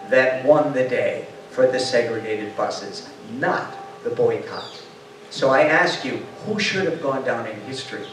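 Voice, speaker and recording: An older man with a mid-pitched voice tells stories to an audience, bringing the people in them to life and putting questions to the room. He sounds far from the microphone, and his voice rings around a very echoey hall with a faint hum behind it. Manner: lively storyteller who acts out quotes and asks the audience questions. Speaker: speaker giving a talk. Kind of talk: storytelling lecture.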